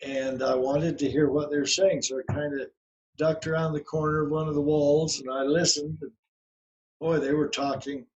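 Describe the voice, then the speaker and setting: Man, 80s, podcast guest, folksy story, higher pitch. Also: little pitch movement, normal speed, muffled recording. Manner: folksy, rambling with many restarts and fillers. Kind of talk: storytelling in an interview.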